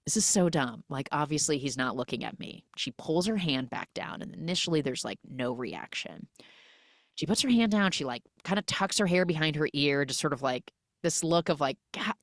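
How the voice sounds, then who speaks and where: A woman with a notably low voice recaps a movie scene by scene, slipping into lively quoted voices for each character. Her speech sounds dry and close, with no room around it. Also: no room sound. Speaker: podcast host recapping a film. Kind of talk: animated casual retelling.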